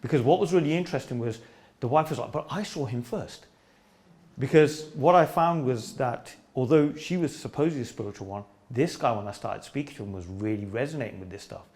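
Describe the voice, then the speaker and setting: Fast-talking playful man. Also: medium pitch, a little mellow. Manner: playful, teasing, quick storytelling. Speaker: spiritual teacher in a group talk. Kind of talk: informal discussion with an audience.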